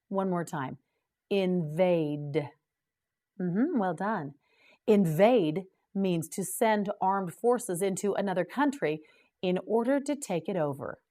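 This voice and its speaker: A woman hosting a scripted English vocabulary lesson, slowly and clearly drilling each word for learners to repeat. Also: on the low side, mellow. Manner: slow, clear drilling of words. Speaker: English teacher and host.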